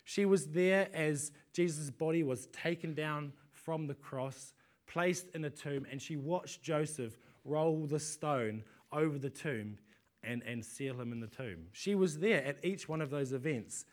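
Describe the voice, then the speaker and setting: A man's voice: on the high side, unhurried. A man preaching a sermon in a conversational way, often repeating words as he restarts and asking the congregation rhetorical questions.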